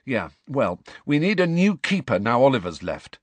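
Angelina, a man doing a brisk girl captain. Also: medium pitch, very animated, no room sound, voice pushed up. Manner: brisk, businesslike. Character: brisk teenage girl team captain, businesslike.

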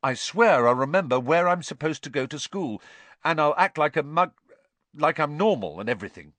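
A man's voice: on the high side, lively intonation, moderate pace, fairly bright tone, no room sound, pitched above the performer's own voice. A man reading aloud and voicing a bitter, defiant teenage boy who speaks coldly. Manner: cold, clipped, sullen.

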